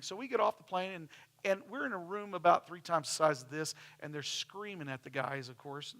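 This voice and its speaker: A man's voice: high voice, animated, fairly quick, pushed and bright. A man preaching casually to a church, telling stories about slides and acting out the people he quotes. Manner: chatty, storytelling, acts out quoted people. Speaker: pastor.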